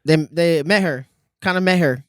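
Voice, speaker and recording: A man's voice: a little high, moderate pace, no room sound, studio quality. A man co-hosting a podcast, telling stories in casual chat, joking and acting out quoted lines. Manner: joking storyteller, acts out quotes, laughs often. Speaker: podcast co-host.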